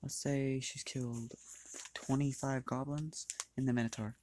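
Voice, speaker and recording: A man's voice: mid-range voice, little pitch movement, measured pace, a little mellow, a little hiss or hum. Rambling, swearing male fan storyteller. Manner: rambling, swears, restarts often. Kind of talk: casual fan story narration.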